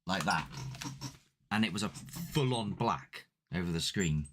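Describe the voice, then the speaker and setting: A man's voice: deep voice, lively intonation, a little slow, noisy background. A man hosting a paranormal channel, chatting casually and a bit ramblingly with his live-stream viewers. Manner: chatty, rambling, self-deprecating. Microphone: desk mic with ring light.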